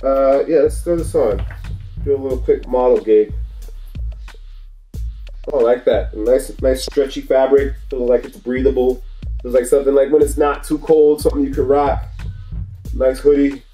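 Mellow-voiced man hosting a slangy unboxing. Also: mid-range voice, fairly even intonation, moderate pace, pauses often, echoey room, soft background music, low-quality recording. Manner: upbeat, slangy, repeats his praise. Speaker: vlog host. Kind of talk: casual product unboxing.

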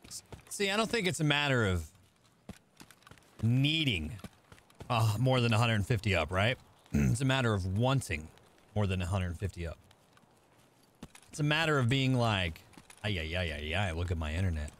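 A man streaming a game live, chatting casually with viewers and thinking out loud as he plays. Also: mid-range voice, sing-song, normal speed, pauses often, slight background noise. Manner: chatty, thinking aloud, talking to chat. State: out of breath. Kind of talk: casual live-stream chat while gaming.

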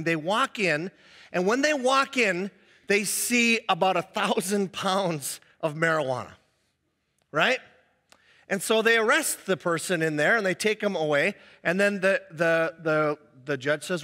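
A middle-aged male pastor giving a conversational, animated sermon in a church, acting out the voices he quotes. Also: sits high, normal speed, in a large hall. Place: church hall.

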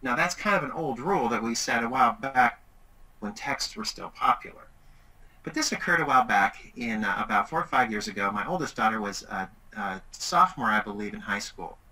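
Speaking briskly in a mid-range voice over rough audio, a middle-aged man presents a webinar. He narrates a story with animation, performing the quoted voices.

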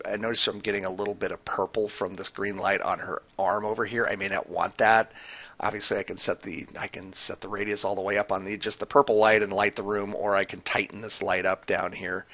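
Male tutorial presenter: lowish gravelly voice, bright tone, relaxed screen-recording walkthrough. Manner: casual, talks through clicks with fillers.

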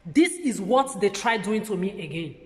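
In an agitated vlog rant to the camera, a woman talks in heated bursts, stammering, restarting, and repeating words, about the country where she lives and expects to grow old. Her medium-pitched voice is animated at a normal speed, and the echoey room adds long reverb.

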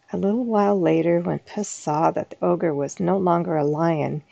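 A woman storyteller reading a classic fairy tale aloud in a soft-spoken, unhurried way. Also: on the low side, creaky, husky, dry recording, muffled recording.

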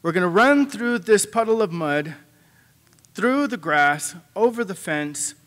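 A man voicing a stubborn, shrewd old man who speaks firmly and plainly, getting loud as he sets the terms. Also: sits high, expressive, unhurried. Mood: commanding. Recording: long hall reverb.

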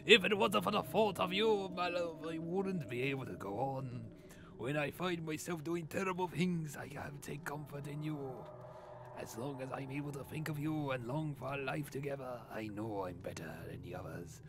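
A man's voice: a little high, normal speed, noisy background, lightly acted. A man putting on an odd accent as a lovesick letter writer. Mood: yearning.

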